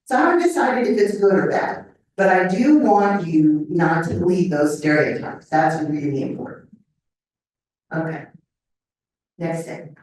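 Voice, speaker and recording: An older woman with a fairly low voice lectures to a live audience, keeping it conversational and often checking in with "okay?". She sounds set back from the mic, and a strong echo fills the hall around her. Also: measured pace, pauses often, a little mellow. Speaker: memory lecturer. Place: lecture room. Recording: echoey hall mic from a distance.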